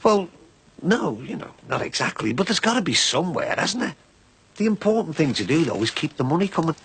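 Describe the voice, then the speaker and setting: A man playing a worried working-class father running a shop, talking warmly and gratefully to his mates in a TV soap drama. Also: on the high side, big pitch swings, brisk, husky, exaggerated voice. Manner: warm, chatty and grateful. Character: grateful working-class dad of a sick son.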